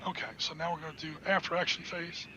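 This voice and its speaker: Playing a solo tabletop wargame on his podcast, a man with a fairly high voice and quick pace narrates the action and roots for his dice. Excitable, he chats to himself as he goes, over dull lo-fi audio with noticeable background noise.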